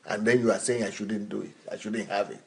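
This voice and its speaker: A man's voice: on the low side, steady tone, fast talker, gravelly, darkish tone. A man in his fifties, a pastor speaking bluntly and insistently in a live question-and-answer talk. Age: 50s.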